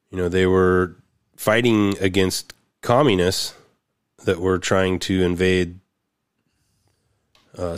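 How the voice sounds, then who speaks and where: A man's voice: deep voice, clear, resonant tone, no room sound, clean studio sound. A man co-hosting a podcast, talking casually and rambling with fillers. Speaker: podcast co-host. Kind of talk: casual chat.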